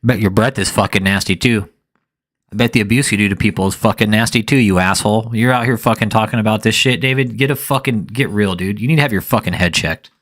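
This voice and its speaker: A man's voice: on the low side, fast talker, fairly bright tone. A man giving live reaction commentary in an angry, profane rant.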